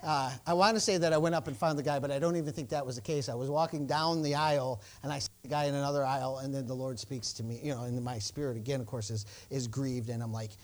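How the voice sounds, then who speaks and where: A man's voice: mid-range voice, fairly even intonation, quick pace, hardly any pauses. A male pastor preaching a sermon, telling a personal story and acting out the exchanges, with stammered restarts and bursts of praise. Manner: exclamations of praise.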